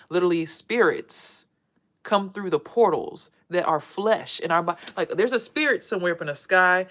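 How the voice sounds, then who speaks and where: A woman's voice: deep voice, a bit bright. A woman doing a casual, rambling spiritual tarot vlog and talking straight to her viewers. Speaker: tarot reader and spiritual vlogger.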